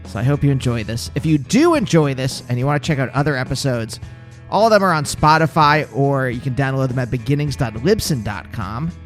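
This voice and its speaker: A man's voice: mid-range voice, animated, a little fast, soft background music. A man hosting a podcast, chatting casually with hesitant restarts and self-deprecating asides. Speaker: podcast host. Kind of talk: casual interview chat.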